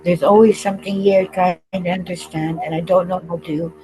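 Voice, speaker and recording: A woman's voice: lowish voice, fairly even intonation, warm tone, a little hiss or hum, rough recording. Tearful woman on a video call. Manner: tearful, halting, with laughs through tears. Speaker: participant in an online group call. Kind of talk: emotional open sharing.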